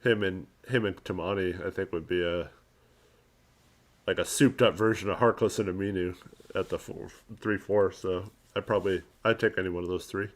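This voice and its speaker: A man co-hosting a sports podcast, giving relaxed basketball takes and dry short comments. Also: low voice, normal speed. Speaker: podcast co-host. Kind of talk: casual chat, basketball analysis.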